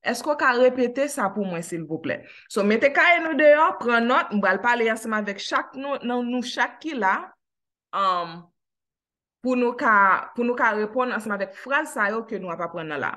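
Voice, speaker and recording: A woman with a Haitian accent teaching an English class online, slowing down to model simple phrases. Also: on the high side, expressive, pushed and bright. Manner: switches between Haitian Creole and English, slows down to model phrases. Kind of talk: online language lesson.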